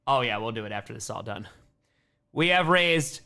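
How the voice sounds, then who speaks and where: A man's voice: mid-range voice, animated, a little fast, gravelly, bright, forceful tone. A man hosting a charity livestream from home, chatting casually, fondly scolding his dog and thanking donors. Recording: roomy echo.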